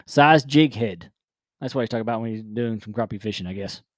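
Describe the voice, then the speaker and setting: A man's voice: on the low side, a little fast, no echo, clean studio sound. A man hosting a casual live-stream chat, rambling with restarts and frequent laughs. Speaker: podcast host.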